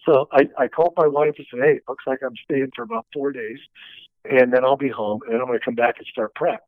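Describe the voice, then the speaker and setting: A man's voice: mid-range voice, fast talker, no echo. Storytelling man on a tinny line. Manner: animated storyteller acting out quoted dialogue. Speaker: stunt coordinator. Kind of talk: storytelling interview. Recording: dry, tinny phone-like line.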